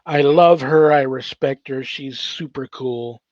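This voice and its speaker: A man's voice: medium pitch, takes it slowly, darkish tone, no room sound. A man hosting a casual podcast interview, talking in a rambling, chatty way with many fillers. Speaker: podcast host. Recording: dull, dry podcast recording.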